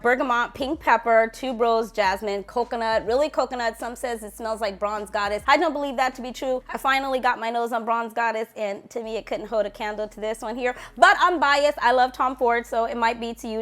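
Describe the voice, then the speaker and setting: Woman gushing perfume vlogger, bright and playful. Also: on the high side. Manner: gushing, playful, lingers on sensual words. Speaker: fragrance reviewer. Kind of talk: casual perfume review vlog.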